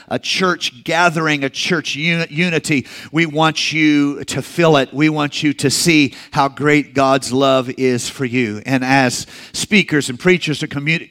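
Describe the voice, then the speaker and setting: A man's voice: on the high side, a bit bright. A middle-aged male pastor preaching a sermon in a conversational way, with personal asides and occasional restarts.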